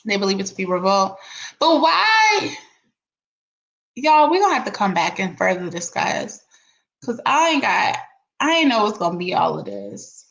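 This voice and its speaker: A woman talks through a lawsuit on a live stream, breaking off into animated exclamations and laughter. Her voice sits at a middle pitch for a woman. The room around her gives the voice a noticeable echo. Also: moderate pace, gravelly, lo-fi sound. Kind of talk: casual live-stream commentary.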